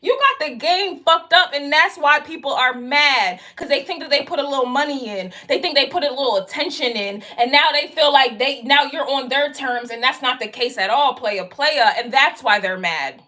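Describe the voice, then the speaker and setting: A woman's voice: high-pitched, moderate pace, few pauses, pushed and bright. A woman giving a casual tarot reading, talking straight to the viewer in a blunt, profane, slangy way and hammering her point again and again. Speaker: tarot card reader.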